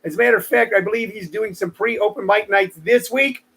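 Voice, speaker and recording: Brisk and high-pitched, with vocal fry and a slightly rough, somewhat bright quality, a sixty-something comedian runs his live stream. He rambles through stories and joking asides to viewers in a casual monologue.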